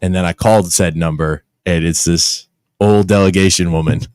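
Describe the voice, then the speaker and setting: A man's voice: low voice, steady tone, moderate pace, darkish tone, clean tone, dry recording, studio quality. A man co-hosting a podcast, telling a mishap story in a sheepish, self-deprecating casual way. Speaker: podcast co-host.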